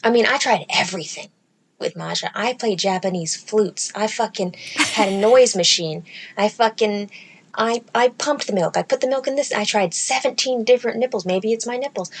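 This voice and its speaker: A woman co-hosting a podcast, talking bluntly and swearing freely at a middle pitch. She is in her thirties and speaks in loose, casual chat, breaking into loud laughter. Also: normal speed, slightly rough. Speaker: podcast co-host.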